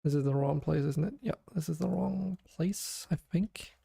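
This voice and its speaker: Tired, monotone man muttering through code. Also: fairly high pitch, normal speed, vocal fry, slightly rough. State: exhausted. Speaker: game developer streamer. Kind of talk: thinking aloud while coding.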